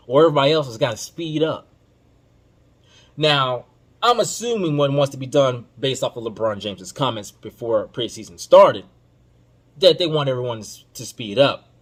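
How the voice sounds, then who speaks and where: A podcast host with a husky voice talks basketball casually, heavy on slang and emphasis, alternating between loud outbursts and quiet muttering.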